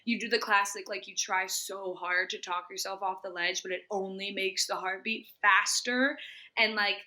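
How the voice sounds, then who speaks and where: A young woman co-hosting a podcast, telling stories in a casual, animated way, swearing often and acting out her own panicked thoughts. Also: medium pitch, moderate pace, rough recording. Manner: swearing, animated storytelling with acted-out inner voice. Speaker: podcast co-host. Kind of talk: casual chat.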